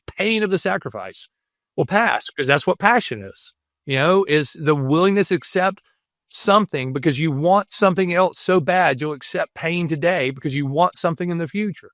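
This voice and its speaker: A man's voice: a little high, a bit bright, no echo, studio quality. A middle-aged man, a podcast guest, talking earnestly and telling reflective stories with quoted dialogue. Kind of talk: reflective storytelling.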